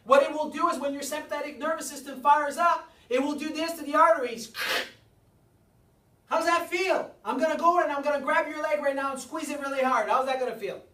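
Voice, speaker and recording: Emphatic chiropractor lecturing in an echoey room. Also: male voice, very high voice, a little fast, bright, forceful tone. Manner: emphatic, repetitive, with rhetorical questions. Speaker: chiropractor giving a health seminar. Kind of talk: seminar lecture to a live audience. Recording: echoey room, mic far off.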